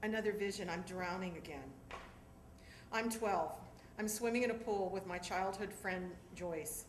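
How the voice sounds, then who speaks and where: A middle-aged woman from Southern California performing a one-woman stage monologue, animated and acting out voices. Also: mid-range voice, unhurried. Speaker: storyteller performer. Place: theatre stage. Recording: echoey theatre with background noise.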